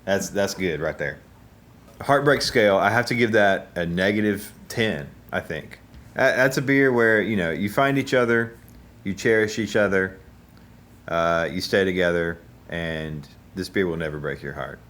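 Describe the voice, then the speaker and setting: A man giving casual, joking taste-test commentary as a host, rambling and halting with fillers. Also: low voice, fairly bright tone. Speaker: musician reviewing drinks.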